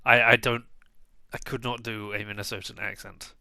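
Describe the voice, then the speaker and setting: A man's voice: mid-range voice, little pitch movement, moderate pace, gravelly, bright, forceful tone, dry recording. A man streaming a game, chatting casually in a rambling, jokey way full of digressions. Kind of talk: casual let's-play chat.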